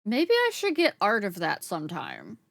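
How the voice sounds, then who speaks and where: Bright chatty woman streamer. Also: medium pitch, wildly swooping pitch, normal speed, no echo. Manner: chatty, swears freely, laughs often, talks to chat. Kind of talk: casual live-stream chat.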